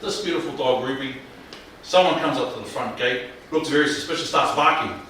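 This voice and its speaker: A man leading a mental health workshop, speaking in a colloquial, animated way and often questioning the audience. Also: medium pitch, fairly quick. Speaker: workshop presenter. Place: room with live audience. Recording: echoey room, distant mic, faint noise.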